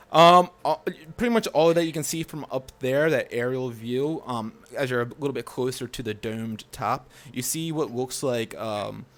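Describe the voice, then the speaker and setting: Male game master describing a scene, mid-pitched, halting, full of ums. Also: fairly bright tone. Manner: halting, many fillers. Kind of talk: narrating a tabletop game.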